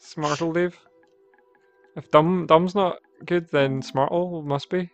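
A man's voice: a little high, fairly even intonation, slow pace, no echo, soft background music. A man with a Scottish accent, co-hosting a gaming video and casually chatting and reading game text aloud. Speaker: gaming channel co-host. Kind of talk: casual gameplay chat.

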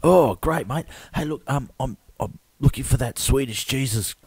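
A man's voice: medium pitch, normal speed, darkish tone, breathy edge, dry recording. A man hosting an improvised comedy sketch, with blokey banter and frequent stammering. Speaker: comedic host.

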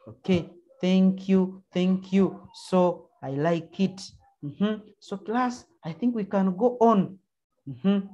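A woman teacher with a Ugandan English accent runs an online primary class over a video call. Her mid-range voice is mellow and husky, and she encourages pupils, prompting them with frequent uh-huhs and mm-hmms.

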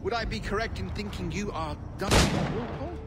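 An actor playing a jovial, teasing gentleman host at a colonial party, speaking in a genteel manner. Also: sits high, fairly quick, music in the background, close to an everyday voice.

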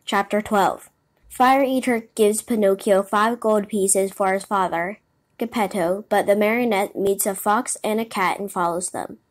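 A woman narrating a children's storybook in an expressive reading voice. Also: medium pitch, measured pace. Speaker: audiobook narrator.

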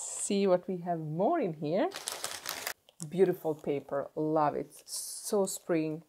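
A young woman vlogs in English, unwrapping makeup and gushing over each find with little restarts along the way. Her voice sits a touch low and sounds mellow and warm rather than bright. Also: a little hiss or hum. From Sweden. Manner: gushing, excitable, pauses and restarts as she unwraps. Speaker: beauty vlogger. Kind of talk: casual product unboxing.

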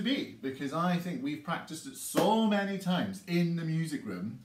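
A man's voice: a little high, sing-song, normal speed, hardly any pauses. A man teaching a young children's music lesson, with playful, sing-song, dramatic rhymes. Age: adult. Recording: roomy echo.

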